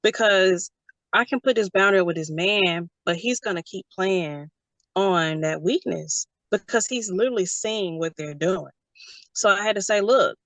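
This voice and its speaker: A young adult woman, a guest talking casually and telling animated stories, often acting out what others said. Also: mid-range voice, no room sound. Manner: animated storytelling, quotes others in character. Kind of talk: casual conversation.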